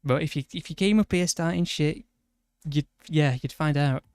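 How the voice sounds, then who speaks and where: A man's voice: on the high side, moderate pace, a little mellow, clean tone, no echo. A young man with a Yorkshire accent, chatting bluntly and teasing a friend while streaming a racing game, often restarting his sentences. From northern England. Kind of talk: casual chat while gaming.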